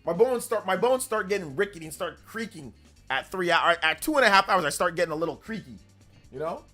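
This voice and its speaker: A man's voice: high-pitched, animated, fast talker, sharp tone, faint music behind. A man hosting a casual live stream, hyped up, reading out and thanking donors as he chats. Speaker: livestream host.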